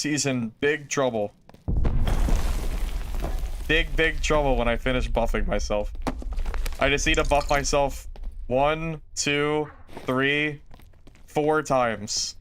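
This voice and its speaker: A man's voice: a little high, slow, long pauses, fairly bright tone, slight background noise. A young man streaming a video game, talking casually to chat in a rambling, self-mocking way that trails off into mumbles. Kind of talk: casual gameplay commentary.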